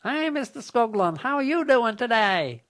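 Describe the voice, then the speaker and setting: A man's voice: extremely high pitch, big pitch swings, normal speed, a bit bright, voice pushed up, exaggerated voice. A man voicing a cheery male telemarketer making a call, chipper and pushy.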